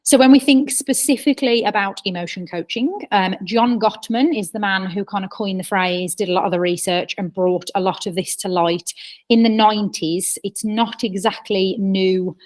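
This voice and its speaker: A woman's voice: mid-range voice, normal speed, a little mellow. A woman in her thirties presenting a parenting webinar, chatty and explanatory, with personal stories. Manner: chatty, explanatory, with personal anecdotes and acted quotes. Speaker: childcare trainer.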